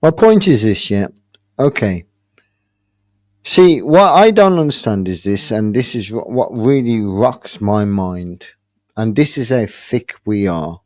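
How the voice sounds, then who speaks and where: A man's voice: on the low side, animated, takes it slowly, a little mellow, no room sound. A man in casual live-stream debate, rambling with restarts and calling others "mate". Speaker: panel speaker.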